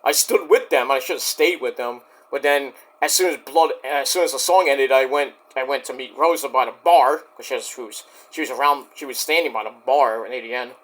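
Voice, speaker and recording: A man's voice: mid-range voice, fairly quick, few pauses, a bit bright. A man in a vlog ranting straight at his critics, defensive and indignant, swearing and rambling with restarts. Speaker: YouTube wrestling reviewer.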